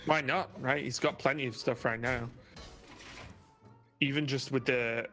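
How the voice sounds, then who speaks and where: A man's voice: mid-range voice, steady tone, unhurried, a bit bright, soft background music. Upbeat joking male co-caster. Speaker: esports caster. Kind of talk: live game commentary.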